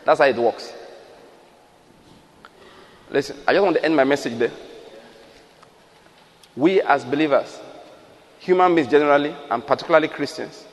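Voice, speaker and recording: Man, preacher, sermon, somewhat high voice, emphatic, rhetorical questions, long hall reverb. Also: normal speed, long pauses.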